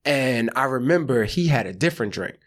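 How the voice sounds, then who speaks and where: A man's voice: mid-range voice, animated, fairly quick. A man from the American South, an actor and comedian, telling a story in casual chat and acting out the quotes. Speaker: podcast guest, actor and comedian.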